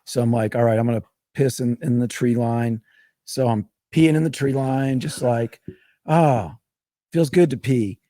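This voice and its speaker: A man's voice: mid-range voice, a little slow, dark tone, no echo, studio quality. Profane rambling man telling a story. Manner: rambling, profane, laughs through his own story. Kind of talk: casual storytelling.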